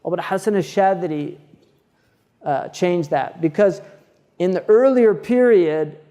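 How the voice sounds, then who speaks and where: A man giving a religious lecture, reading Arabic quickly and then explaining it in English with many fillers and restarts. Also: high-pitched, dark tone, in a large hall, lo-fi sound. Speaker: Islamic scholar lecturing.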